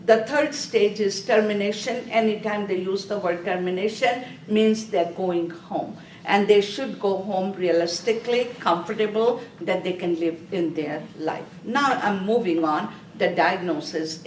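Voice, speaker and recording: A woman's voice: medium pitch, measured pace, hardly any pauses, darkish tone. A woman instructor giving a classroom review lecture, asking questions, answering them herself and telling students to underline key words. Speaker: nursing exam review instructor. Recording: echoey room, voice from a distance, faint noise.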